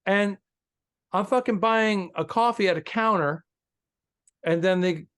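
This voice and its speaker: A man's voice: high-pitched, unhurried, clean tone. A middle-aged man co-hosting a comedy podcast, telling profane, ranting stories in casual banter. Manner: ranting, profane, animated storytelling. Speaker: podcast co-host.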